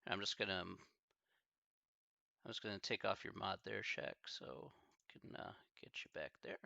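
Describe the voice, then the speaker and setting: A man, a math instructor on a live stream, talking casually and haltingly, thinking aloud with many fillers. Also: lowish voice, gravelly, bright, forceful tone, dry recording, highs cut off.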